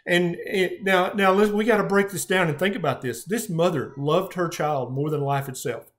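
A man's voice: high-pitched, normal speed, a bit bright. A middle-aged man, a physician telling a patient story in an earnest, emotional way with frequent restarts. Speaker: physician guest. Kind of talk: conversational storytelling.

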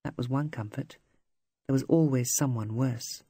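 Husky measured audiobook narrator. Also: mid-range voice, no room sound, clean studio sound. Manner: measured, even literary reading. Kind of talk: scripted narration.

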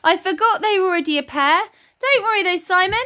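A woman's voice: extremely high pitch, brisk, bright, forceful tone, voice pushed up. Pikachu, as a woman voices him, chirpy and eager. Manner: eager, upbeat, persuasive. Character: cheerful helpful male cartoon creature. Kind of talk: children's storybook reading.

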